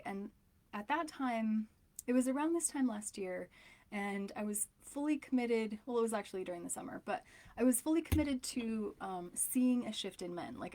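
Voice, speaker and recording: A woman's voice: mid-range voice, a little mellow. A woman in her thirties, a relationship coach, talking candidly and emotionally, rambling with frequent fillers. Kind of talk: casual personal talk to camera.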